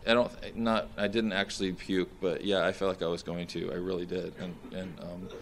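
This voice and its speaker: A young man, a soldier in therapy, recounting combat in a halting, distressed way with many restarts and fillers; he sounds shaken and nauseous. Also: low voice, flat delivery, slight background noise.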